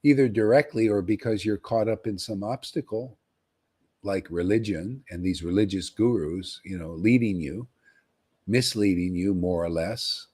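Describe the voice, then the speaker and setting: A man giving an informal, rambling devotional talk to followers, often pausing to ask "see?" and repeating himself. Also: on the low side, darkish tone, slightly rough. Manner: conversational, rambling, repeats words and asks "see?". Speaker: spiritual teacher.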